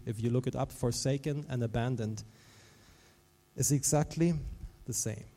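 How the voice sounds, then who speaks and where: A man preaching a sermon as a pastor, animated, dropping to a hush and then rising to loud, emphatic lines. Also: medium pitch, long reverb tail. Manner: animated, swings from hushed to loud.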